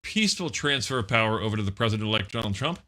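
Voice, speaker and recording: Fast, bright-voiced man reading spoof news. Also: lowish voice. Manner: deadpan reading with crude asides. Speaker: co-host of a comedy news segment. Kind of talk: mock newscast banter.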